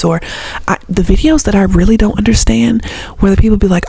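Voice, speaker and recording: A young woman with a Southern accent rants straight to camera, blunt and sarcastic, with a mild swear word here and there. Her voice is husky and warm in tone. The recording is close and dry. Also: medium pitch, fairly even intonation, a little fast, no room sound. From Southern United States. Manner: blunt and sarcastic, swears freely, mimics others in mocking voices. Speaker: vlogger. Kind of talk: casual ranting commentary to camera.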